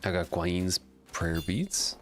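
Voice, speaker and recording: A man's voice: deep voice, lively intonation, takes it slowly, faint music behind. A man casually commenting while he plays a video game, chatting about its story lore. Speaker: streamer.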